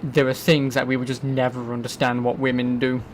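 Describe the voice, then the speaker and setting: An English man chatting casually while he plays, rambling and swearing with a jokey tone. His pitch sits mid-range, with faint background noise behind him. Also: monotone, fairly quick. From England. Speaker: streamer. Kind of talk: casual gaming commentary.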